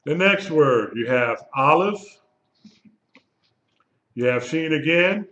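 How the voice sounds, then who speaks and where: A man teaching a live Hebrew lesson, speaking slowly and patiently and repeating words for his students. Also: on the high side, lively intonation, sharp tone. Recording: lo-fi echoey room recording.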